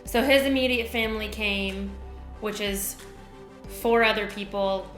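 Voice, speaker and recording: A young woman co-hosting a couple's vlog, chatting casually in a relaxed, halting way. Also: medium pitch, roomy sound, soft background music. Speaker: vlog co-host. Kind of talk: casual chat.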